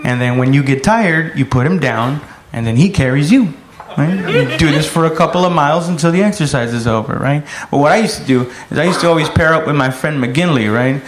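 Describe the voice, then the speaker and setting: A man doing a profane stand-up routine, telling stories and shouting out loud impressions. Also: fairly high pitch, brisk, few pauses. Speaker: stand-up comedian. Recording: echoey room with loud noise.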